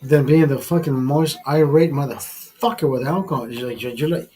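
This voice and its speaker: A man's voice: medium pitch, moderate pace, mellow, low-quality recording. Tipsy male streamer, rambling profane rant, restarts often, faint background music. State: tipsy from drinking. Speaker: livestream host. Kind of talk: casual drinking livestream rant.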